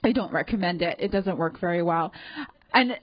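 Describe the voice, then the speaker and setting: A woman's voice: lowish voice, moderate pace, dry recording, dull audio. A young woman with a Canadian accent doing a self-deprecating stand-up comedy set on a club stage, chatty and full of fillers. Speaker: stand-up comic.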